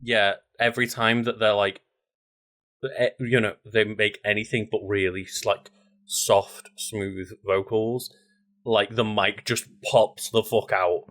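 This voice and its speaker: A man co-hosting a podcast, talking in a relaxed, rambling way with many fillers. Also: lowish voice, slow pace. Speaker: podcast co-host. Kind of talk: casual chat.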